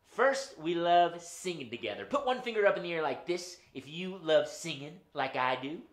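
A man hosting a children's puppet show, talking to the kids at home in an animated, sing-song way. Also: fairly high pitch, normal speed. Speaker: children's entertainer host. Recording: roomy room echo.

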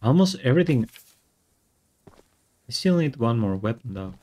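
A man streaming a game, excitable and swearing, yelling at the monster and switching between English and Spanish. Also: mid-range voice, measured pace. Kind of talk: live gameplay commentary.

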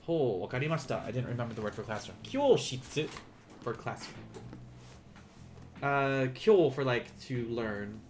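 A man teaching a beginner Japanese lesson on a live stream, explaining in a relaxed, chatty way with many fillers and restarts. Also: medium pitch, moderate pace, slight background noise.

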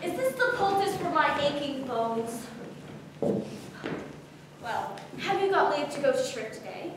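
A woman's voice: high-pitched, big pitch swings, takes it slowly, exaggerated voice. A woman playing a weary, complaining old nurse in a live Shakespeare stage performance, rambling and teasing. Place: arts center hall, recorded from the audience. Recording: distant, echoey hall, faint hiss.

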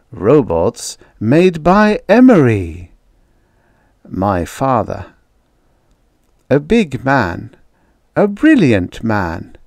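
A man narrates a dark old science fiction tale slowly and dramatically. His pitch swings freely as he dwells on each phrase. The recording is close and dry, with no room echo. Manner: slow, dramatic, musing first-person delivery. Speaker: audiobook reader. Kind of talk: scripted audiobook narration.

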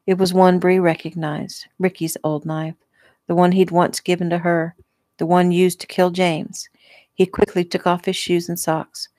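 A woman's voice: on the low side, flat delivery, measured pace, a little mellow, no room sound. A woman author reading her own novel aloud casually and unpolished, as if at home. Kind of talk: casual audiobook narration.

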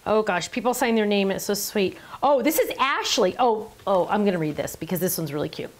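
A woman's voice: medium pitch, animated, fairly quick. A middle-aged woman hosting a casual live stream, chatty and gushing, often laughing and talking aside to the person behind the camera. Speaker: live stream host showing handmade cards.

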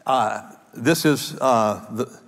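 Gravelly male pastor preaching. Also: mid-range voice, extremely slow, long reverb tail. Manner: animated, conversational preaching with repeated starts. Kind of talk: sermon. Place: large church hall.

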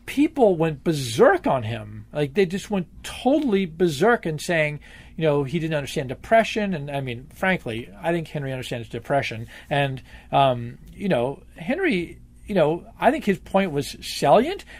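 A man's voice: a little high, very animated, moderate pace. A man being interviewed, telling stories in a rambling, emphatic way and swearing freely. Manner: emphatic, profane, rambling storyteller. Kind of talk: candid conversational interview.

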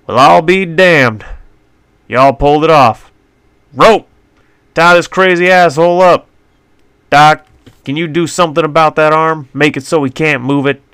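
A man voicing a hard, commanding frontier sheriff who barks orders loudly. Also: fairly high pitch, measured pace, long pauses, clear, resonant tone, dry recording, pitched above the performer's own voice. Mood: gruff. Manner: barking orders, loud.

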